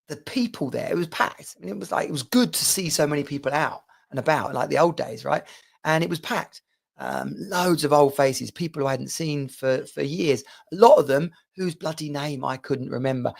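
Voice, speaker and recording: A man's voice: fairly high pitch, normal speed, vocal fry. A middle-aged man from England, talking casually and ramblingly to camera with lots of asides. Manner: chatty and rambling, with frequent asides and restarts. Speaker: vlogger. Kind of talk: casual personal monologue to camera.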